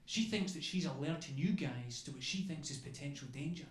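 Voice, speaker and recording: A man does a chatty stand-up routine into a handheld mic on a club stage, punctuating his lines with "okay?" He talks briskly in a voice on the high side, and the club sounds echoey with faint ambience.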